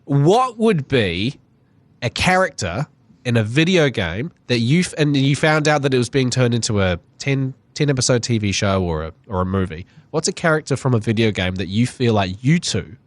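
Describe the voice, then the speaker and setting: A man's voice: medium pitch, big pitch swings, moderate pace, no echo. Dry-sounding man telling stories casually. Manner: storytelling, swears casually. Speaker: podcast co-host. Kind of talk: casual chat.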